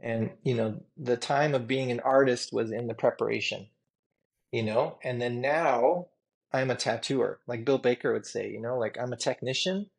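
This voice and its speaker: Gravelly, earnest tattoo artist man. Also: medium pitch, normal speed. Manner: rambling, filler-heavy, earnest and emotional. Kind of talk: candid storytelling interview.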